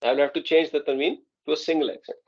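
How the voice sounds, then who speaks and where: A man's voice: on the high side, fairly even intonation, very fast, slightly rough, muffled recording. A man teaching an Arabic grammar class online, explaining patiently and often checking that students follow.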